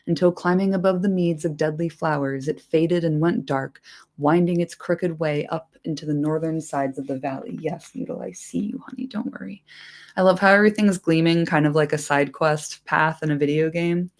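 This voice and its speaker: Expressive woman reading a fantasy book aloud. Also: deep voice, normal speed. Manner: expressive, casual and profane in asides. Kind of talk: book reading on a livestream with chatty asides.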